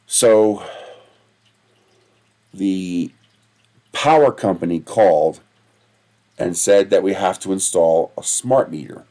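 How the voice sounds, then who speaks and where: Pausing often, a livestream host drifts from story to story at a slow pace, cursing freely and laughing at his own tales. He has a low, warm voice.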